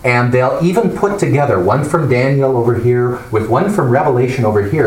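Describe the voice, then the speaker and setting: Man leading a Bible study, lively pitch, echoey room, mic far off, faint hiss. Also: a little fast, hardly any pauses. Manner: animated, explanatory, asks the class questions. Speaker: Bible class teacher. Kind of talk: classroom teaching.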